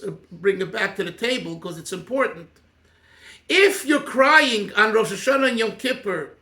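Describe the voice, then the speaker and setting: A man teaching an informal Torah class as a rabbi, talking in an animated, digressive way with many restarts. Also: high-pitched, reverberant.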